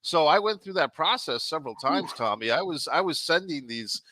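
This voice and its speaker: A man's voice: on the high side, animated, normal speed, pushed and bright, no echo, low-quality recording. A man co-hosting a podcast, telling stories about himself with a laugh. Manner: storytelling, self-mocking, laughs often. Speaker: podcast co-host. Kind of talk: casual podcast chat.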